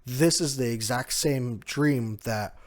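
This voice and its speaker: A man with an ordinary middle-pitched voice talks through a comic chapter in easygoing recap style. He keeps breaking into short laughs and lightly lifting his voice when he quotes the characters. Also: slow pace. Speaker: manga recap host. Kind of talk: casual chapter recap, retelling scenes with quoted lines.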